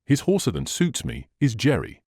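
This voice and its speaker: A man voicing a suspicious coach guard who growls warnings and shouts threats. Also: medium pitch, huge pitch swings, normal speed, husky, dry recording, studio quality, full character voice. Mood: gruff warning. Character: suspicious, gruff male coach guard with a blunderbuss.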